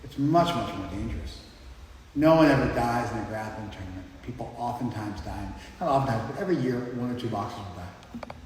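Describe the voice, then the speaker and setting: A man's voice: lowish voice, expressive, fairly quick. A man giving an informal class lecture in a conversational, explanatory way, often checking in with his listeners. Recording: echoey hall, mic far off, faint background noise.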